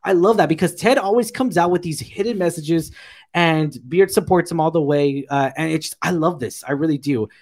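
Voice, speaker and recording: A man's voice: a little high, normal speed, darkish tone. A man co-hosting a casual TV review chat, retelling scenes in a rambling, filler-heavy, enthusiastic way. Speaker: podcast co-host reviewing a TV episode.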